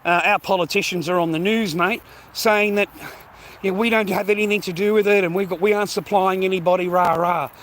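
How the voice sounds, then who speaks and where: His voice sits high with a steady, slightly bright tone and a brisk pace, and there's slight background noise. The Australian man is out walking and vlogging, ranting casually in a rambling, slang-heavy, profane way while a touch out of breath.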